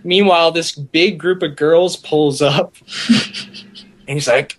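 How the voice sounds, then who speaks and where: A man's voice: fairly high pitch, slow. A young man casually telling a long, rambling anecdote with lots of restarts. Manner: rambling, animated, with many restarts. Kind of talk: casual storytelling.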